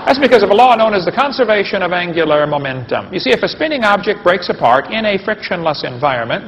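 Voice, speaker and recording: A man's voice: high-pitched, creaky, a little hiss or hum. A man giving a humorous live lecture, folksy and joking, and asking the audience questions. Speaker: creation science lecturer. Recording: dull lo-fi recording with long hall reverb.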